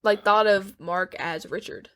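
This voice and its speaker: A woman's voice: medium pitch, steady tone, measured pace, a bit bright, clear, resonant tone. A woman co-hosting a podcast, chatting casually about a film and tossing in slang. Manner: chatty, reacting with slang like "bro" and "dude". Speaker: podcast co-host. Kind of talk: casual movie review chat.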